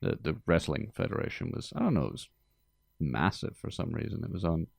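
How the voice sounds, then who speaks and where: A man with a very low, gravelly voice hosts a casual movie podcast. He delivers his chat with dry, deadpan humor, and the studio sound is close and dead. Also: fairly quick, dry recording. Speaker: podcast host.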